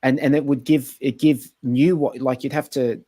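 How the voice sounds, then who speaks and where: A man's voice: mid-range voice, steady tone, moderate pace, warm tone, no room sound. A man with an Australian accent in casual podcast chat, hesitant with many fillers. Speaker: podcast co-host.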